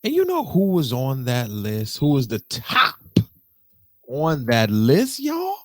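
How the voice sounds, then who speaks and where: Young male podcast host, energetic and expressive, mid-pitched voice recorded dry. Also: slow, dry recording. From Detroit. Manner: animated and slangy, jumps to high excited pitch, mimics voices. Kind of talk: casual solo podcast storytelling.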